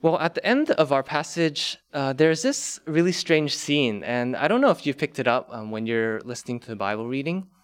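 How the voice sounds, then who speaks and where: A man preaching a sermon, slow and emphatic, repeating key words for weight. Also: mid-range voice, very animated, smooth. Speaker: pastor.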